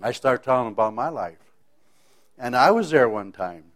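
A man's voice: mid-range voice, expressive, moderate pace. A man telling a personal faith testimony in a folksy, rambling way, often restarting his sentences. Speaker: speaker sharing a faith testimony.

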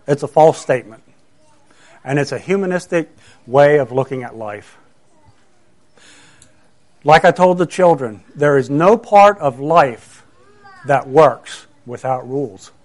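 A middle-aged man preaching a conversational sermon, earnest and full of rhetorical questions. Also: on the high side.

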